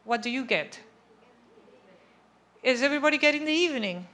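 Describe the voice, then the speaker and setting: A woman's voice: sits high, lively intonation, a little fast, fairly bright tone. Woman lecturing, asking "right?" a lot. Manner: conversational, checks understanding with frequent "okay?" and "right?". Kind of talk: academic lecture. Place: lecture room.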